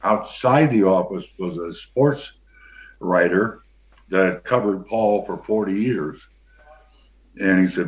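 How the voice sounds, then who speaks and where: An older man, a former pro football player, telling a long anecdote as an interview guest in a relaxed, rambling way with many fillers. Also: deep voice, slow pace, long pauses. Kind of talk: anecdotal storytelling. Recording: dull lo-fi sound.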